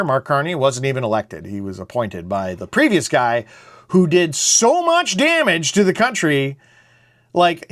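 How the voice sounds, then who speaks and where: A man, hosting a casual, opinionated monologue in a blunt, rambling way. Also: a little high. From Canada. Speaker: show host.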